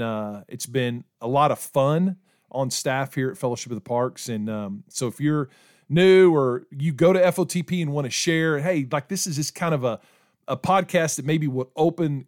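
A man's voice: medium pitch, normal speed. Chatty church podcast host, a man in his forties. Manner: chatty, rambling with many restarts. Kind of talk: casual podcast chat.

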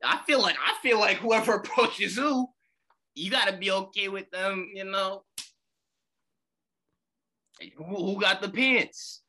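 A young man co-hosting a podcast, animated and slangy, saying "bro" a lot. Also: high-pitched, a little slow, long pauses. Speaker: podcast co-host. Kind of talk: casual chat.

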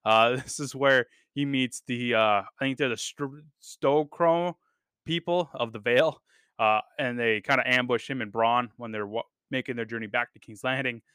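Male podcast host, casual enthusiastic reviewer, filler-heavy delivery; bright, smooth tone. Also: medium pitch, steady tone, moderate pace, no echo, clean studio sound. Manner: rambling, enthusiastic, many fillers and casual swearing. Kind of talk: casual chat.

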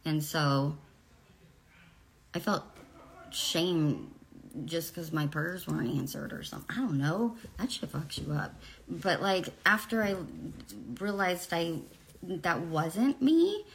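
A woman's voice: on the low side, creaky, slight background noise. A woman in her forties talking candidly to camera, blunt and profane, rambling through personal stories. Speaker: vlogger.

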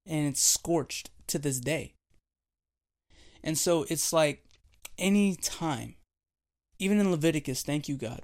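A young man preaching a devotional sermon, telling a childhood story with animated, playful delivery. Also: a little high. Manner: animated storytelling, acting out voices and laughing.

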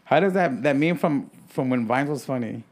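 A man's voice: medium pitch, expressive, normal speed. A man around thirty co-hosting a casual podcast chat, joking and teasing with crude language. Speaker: podcast co-host.

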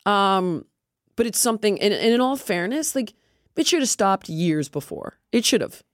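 A woman's voice: medium pitch, moderate pace, no room sound, studio quality. A middle-aged woman hosting a podcast, talking candidly and animatedly, acting out what she and others said and swearing freely. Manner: animated, quotes herself and others in lively put-on voices, swears freely. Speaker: podcast host. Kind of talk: candid casual chat.

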